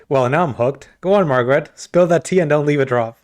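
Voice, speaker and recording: A man's voice: on the high side, fairly quick, few pauses, a little mellow. Man streaming a game, joking commentary, casual asides, faint background music.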